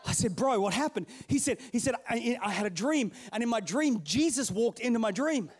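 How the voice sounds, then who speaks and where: A middle-aged male pastor telling a story in a sermon, playful and animated, calling out to his congregation. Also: very high-pitched, fairly quick, slightly rough.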